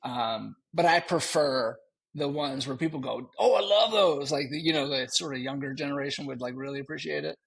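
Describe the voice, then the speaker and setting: A man co-hosting a podcast, telling a story in animated casual chat and laughing often. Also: mid-range voice, a little fast, creaky, husky. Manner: animated, laughing, slips into joking voices. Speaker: podcast co-host.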